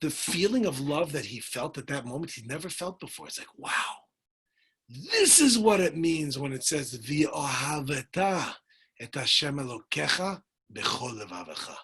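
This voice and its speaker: A man teaching a Torah class as a rabbi, animated and acting out voices, with Spanish words dropped in. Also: a little high, normal speed, husky.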